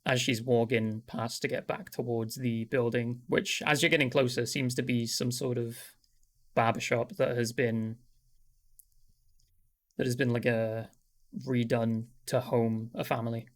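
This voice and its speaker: Narrating a tabletop game, a game master describes scenes casually, filling his speech with many fillers. He has a mid-range voice.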